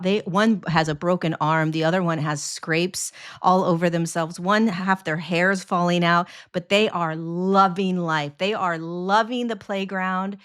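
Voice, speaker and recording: Woman guest, 40s, lowish voice, lively, chatty delivery that jumps into quoted voices. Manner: animated, acts out quoted voices, laughs often, many restarts. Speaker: podcast guest. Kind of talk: casual interview talk.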